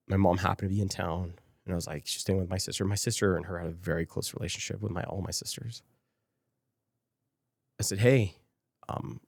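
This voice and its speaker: A Las Vegas man with a low, gravelly, slightly mellow voice is a podcast guest telling a candid personal story. He acts out old conversations as quoted dialogue and is sometimes emotional and choked up. The audio is dry and close, with no room or echo.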